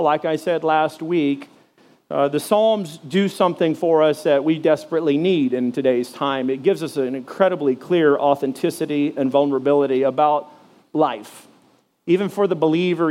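A man preaching a sermon in a fairly high voice. He reads the verses aloud with small fillers and restarts. Between them he turns to his listeners with plain, conversational questions. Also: normal speed, darkish tone. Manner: fillers and restarts while reading scripture aloud. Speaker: pastor.

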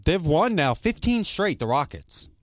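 A man's voice: a little high, sing-song, a little slow, no echo, studio quality. Brash man talking sports. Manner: brash, blunt sports talk. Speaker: podcast co-host. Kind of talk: casual chat.

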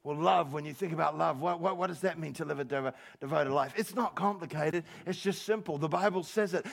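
A high-pitched man preaches with a gravelly edge in his voice, building from quiet reflection into passionate shouting. He repeats words as he gathers his thoughts and laughs along with the congregation, speaking at a church service. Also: a little fast, hardly any pauses. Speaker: pastor. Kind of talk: sermon.

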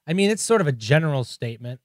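A man's voice: a little high, sing-song, rapid-fire, no echo, studio quality. A man co-hosting a podcast in casual chat, rambling in a laid-back way and saying "like" often. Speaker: podcast co-host. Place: podcast studio.

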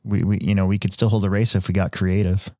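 A man's voice: deep voice, level tone, quick pace, dark tone, dry recording, clean studio sound. A man from Nebraska hosting a podcast, telling stories in a rambling casual way with lots of fillers and restarts. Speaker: podcast host. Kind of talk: casual chat.

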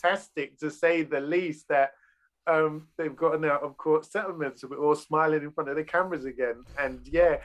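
A man's voice: a little high, steady tone, moderate pace, a bit bright. A man in casual podcast chat about films, talking in a loose, profane, enthusiastic way. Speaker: podcast panelist.

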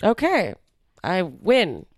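A woman co-hosting a casual podcast, teasing the others sarcastically and quick to laugh. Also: on the low side, huge pitch swings, no room sound, studio quality. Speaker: podcast co-host. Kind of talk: casual chat.

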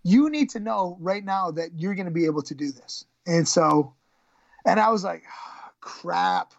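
A woman wrestling coach talks in a gravelly voice, often stumbling and repeating herself as she tells her story. The recording is close and dry with a slightly dull, lo-fi tone. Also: fairly low pitch, expressive, no room sound. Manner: halting, repeats words, emotional retelling. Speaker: high school wrestling coach. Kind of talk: storytelling in a podcast interview.

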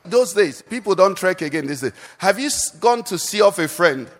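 A man's voice: high voice, lively intonation, moderate pace. A man preaching a live church sermon, quizzing the congregation and lifting into sing-song phrases. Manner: call-and-response questions to the congregation, sing-song rises. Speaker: pastor. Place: church service. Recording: long church-hall reverb.

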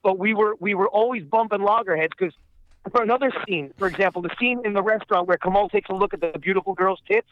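A man's voice: sits high, fast talker, dry recording, lo-fi sound. A man, a guest voice actor, telling profane anecdotes in a rambling way, repeating himself and swearing freely.

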